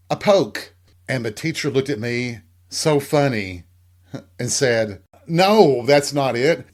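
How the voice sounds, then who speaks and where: Chatty Southern man hosting a podcast. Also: medium pitch. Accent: Southern American. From American South. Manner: candid, chatty storytelling. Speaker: podcast host. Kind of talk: casual monologue.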